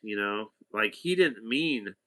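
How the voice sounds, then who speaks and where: A man's voice: fairly low pitch, animated, takes it slowly, bright, forceful tone. A man casually telling a rambling anecdote to a companion, chatty, with asides and restarts. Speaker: storyteller talking to a companion.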